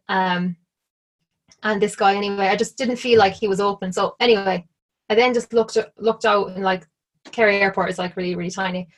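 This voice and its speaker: Irish woman guest, mid-pitched, casual storyteller who keeps saying "like". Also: steady tone, a little fast. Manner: chatty, full of "like", acts out quoted lines. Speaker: interview guest.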